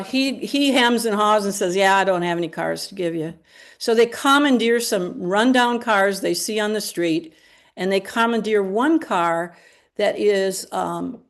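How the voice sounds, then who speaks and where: A woman telling a local history story in a conversational way, with chatty asides to her listeners. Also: mid-range voice. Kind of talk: storytelling talk.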